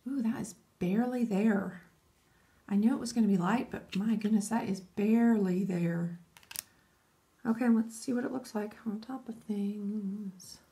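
A woman's voice: medium pitch, a little slow, warm tone. A woman chatting casually and enthusiastically, thinking aloud as she demonstrates nail stamping. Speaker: nail art vlogger. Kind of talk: casual tutorial chat.

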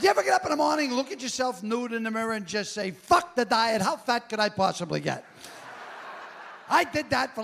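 A man's voice: very high voice, creaky, fairly bright tone. A man doing a brash, self-mocking stand-up comedy set on a club stage. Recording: live club recording with crowd.

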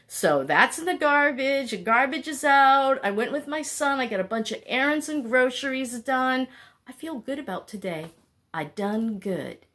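A woman's voice: sits high, expressive, normal speed, a bit bright. A woman in her sixties talking in a casual, rambling vlog. She is heartfelt and candid, with plenty of fillers as she meanders. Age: 60s. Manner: chatty and meandering, with many fillers. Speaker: vlogger.

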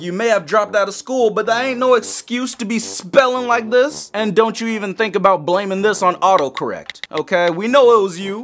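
A young man doing a playful roast while reacting to a music video, with sudden squeaky high outbursts. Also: fairly bright tone. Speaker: comedy reaction youtuber. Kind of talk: joking reaction commentary.

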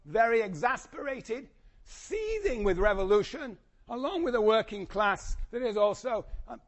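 A man past middle age lectures to a class in a hall. His voice sits fairly high and is wearing hoarse. He talks in an animated way, jumping up in pitch when he plays out what others said. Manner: animated, acts out quotes with sudden high pitch. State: voice going hoarse. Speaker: university lecturer.

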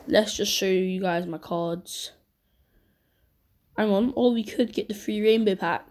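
A woman hosting casual pack-opening commentary, chatty and excitable with sudden shrieks. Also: medium pitch, a little slow. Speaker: channel host.

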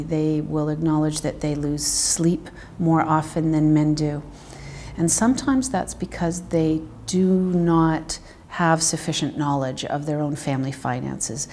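Low-voiced woman, measured interview talk. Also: fairly even intonation, warm tone, slight background noise. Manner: measured, explanatory, with fillers. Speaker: financial psychologist. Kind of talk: interview answers.

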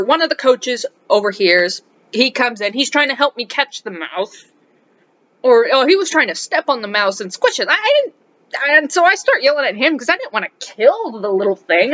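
Animated woman telling a classroom story. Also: high-pitched. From South America. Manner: animated, exasperated, drops to muttered asides. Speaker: high school English teacher. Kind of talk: casual storytime vlog. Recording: dull lo-fi recording.

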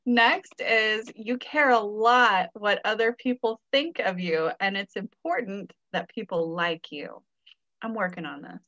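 A woman's voice: mid-range voice, a little slow, fairly bright tone, dull audio. A woman co-hosting a podcast in casual chat, playful and teasing, laughing often. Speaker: podcast co-host.

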